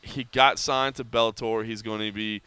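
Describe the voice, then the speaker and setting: Podcast host, male; quick, crisp, bright delivery, lively storyteller who acts out quotes. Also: on the low side, dry recording. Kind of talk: casual podcast chat.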